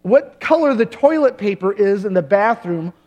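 A middle-aged male pastor preaching a sermon, emphatic and humorous, with dramatic pauses. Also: high-pitched, expressive, darkish tone, highs cut off.

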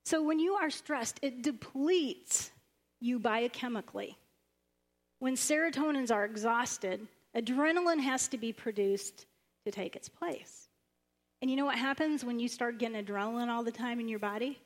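A woman pastor preaching a sermon in a church, animated, acting out the lines of the stories she retells. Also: moderate pace. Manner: animated, acts out the prophet's lines with sudden high bursts.

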